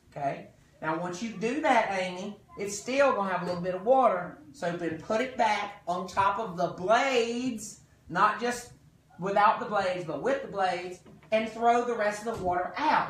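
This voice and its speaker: A man's voice: sits high, fairly bright tone, reverberant, far from the mic, slight background noise, rough recording. Folksy man demoing kitchen tools. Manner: folksy, jokey, chatty with guests. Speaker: cooking demonstrator. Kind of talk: live kitchen product demo. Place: kitchen with live guests.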